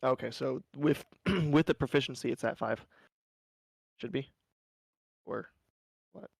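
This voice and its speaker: A man's voice: mid-range voice, unhurried, gravelly, breathy edge, no echo. A man playing a tabletop game who asks casual questions about the rules. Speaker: player.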